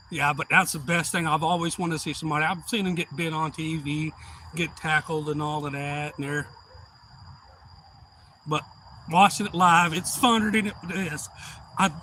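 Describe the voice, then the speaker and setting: A man's voice: a little high, slight background noise, low-quality recording. A man telling a wild story on a live stream, whooping, cussing and acting out what people said. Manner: excitable, whooping, acts out quotes and cusses.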